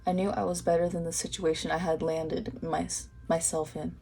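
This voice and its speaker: A woman's voice: lowish voice, level tone, moderate pace, creaky, dark tone, faint music behind. A young woman giving a pick-a-card tarot reading, talking straight to the viewer in an earnest, encouraging way, repeating herself and restarting her sentences. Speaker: tarot reader.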